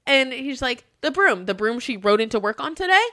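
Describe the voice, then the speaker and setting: A woman's voice: a little high, a little fast, a little hiss or hum. A woman who manages a hotel front desk, telling a story in a casual chat, laughing often and acting out the people she quotes. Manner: animated, laughs often, acts out quoted dialogue.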